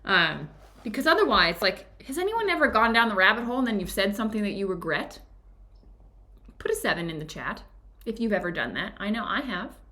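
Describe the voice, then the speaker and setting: Bubbly, chatty woman with a bright voice. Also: medium pitch, big pitch swings, a little fast. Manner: enthusiastic, chatty, laughs often, many "like" and "right?" asides. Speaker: book club leader and spiritual teacher. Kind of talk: live-streamed book discussion.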